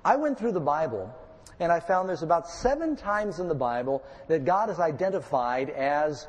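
A man preaching a measured sermon, reading scripture with feeling. His voice sits a little high for a man. It rings out in a hall with a long reverb tail. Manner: calm, measured Bible teaching with dramatic readings. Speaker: pastor.

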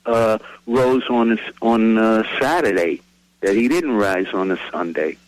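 A man's voice: lowish voice, unhurried, poor audio. A man calling into a radio show to ask a Bible question, hesitant and repeating himself as he presses the point. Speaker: caller. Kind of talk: phone-in question.

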